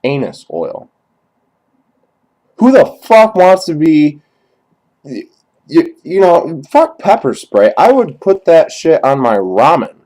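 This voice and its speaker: A young man performing a dry, halting comedy monologue in character, crude and profane, recorded on a cheap webcam. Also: a little high, huge pitch swings, a little mellow, rough recording. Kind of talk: deadpan rambling character monologue.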